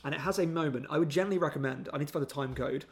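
A man co-hosting a casual film review podcast, animated and mocking, sometimes breaking into impressions. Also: on the high side, racing, slight background noise. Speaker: podcast co-host.

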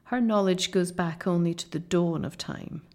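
A woman's voice: on the low side, normal speed, darkish tone, lightly acted. Woman reading Aslan, a grave wise lion. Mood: solemn. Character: great solemn male lion, wise and gentle. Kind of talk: audiobook reading.

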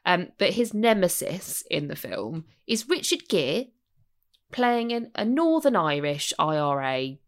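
A woman co-hosting a podcast in casual chat, animated and swearing freely, often restarting her sentences. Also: lowish voice, unhurried. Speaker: podcast co-host.

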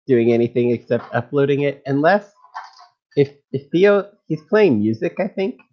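A man's voice: mid-range voice, lively intonation, normal speed. A man hosting a game stream, chatting casually and laughing often. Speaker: stream host. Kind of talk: casual chat. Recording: slightly dull mic.

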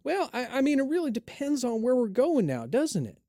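Guy doing a jumpy haggling sailor voice, up high, dry room, bit of music. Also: a little fast, dry recording, heavily acted. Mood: eager. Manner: high, excited, salesy put-on voice.

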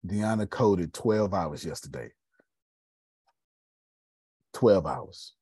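Animated husky man hosting a podcast. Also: moderate pace, no echo. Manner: animated, preachy, drops pitch and volume for emphasis. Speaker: podcast host. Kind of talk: casual podcast conversation.

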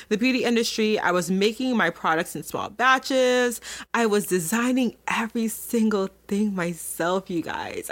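A woman's voice: mid-range voice, a bit bright. A young adult woman hosting a podcast, telling a personal story to her listeners in a candid, emotional way, with many fillers and restarts. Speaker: podcast host.

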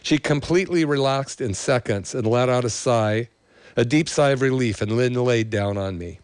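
A man's voice: mid-range voice, moderate pace, clean tone, no room sound. A middle-aged male chiropractor reading a patient's thank-you letter aloud, getting emotional, then telling the story behind it. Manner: emotional, choking up while reading; enthusiastic, promoting his practice.

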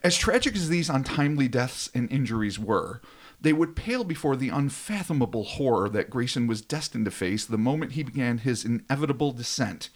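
A man's voice: medium pitch, expressive, fairly quick. A man hosting a casual podcast, reading a dramatic script aloud and breaking off into joking asides. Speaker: podcast host.

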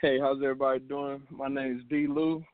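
A man's voice: medium pitch, flat delivery, a little fast, no room sound. Laid-back man calling in by phone. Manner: laid-back, polite, filler-heavy. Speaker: caller, hip hop artist guest. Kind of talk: phone-in interview. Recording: dry phone line.

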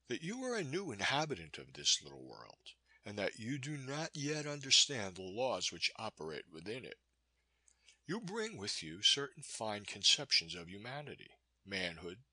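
A man reading a weary, resigned man who warns with grave, gentle insistence. The voice is husky yet forceful and bright, with lively swings in pitch, recorded dry and close. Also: normal speed, no room sound, full character voice. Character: weary, resigned man warning of a cruel captain.

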